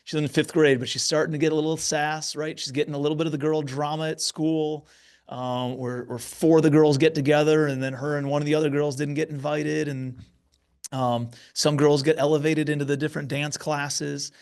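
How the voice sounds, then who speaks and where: A man's voice: fairly high pitch, level tone, a little fast, clear, resonant tone. A man in his thirties hosting a podcast, chatting in an encouraging way about his young kids. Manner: warm encouraging, lots of affirmations. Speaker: podcast host. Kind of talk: conversational interview.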